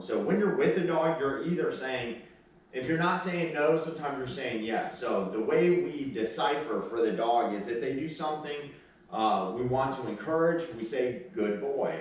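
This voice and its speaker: A man trainer talks through a session in an easy, casual manner, breaking off for short firm commands to the dog. He sits at a middle pitch for a man. The voice is heard from a distance, with a strong echo around it. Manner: casual, explains step by step with short sharp commands. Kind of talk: explaining training while working a dog. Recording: distant, very echoey.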